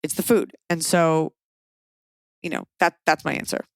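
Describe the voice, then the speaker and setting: A woman's voice: deep voice, normal speed, vocal fry, no echo, clean studio sound. A woman podcast host giving blunt, frank advice in casual chat, swearing freely and acting out quoted people. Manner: blunt, swears, animated quoting.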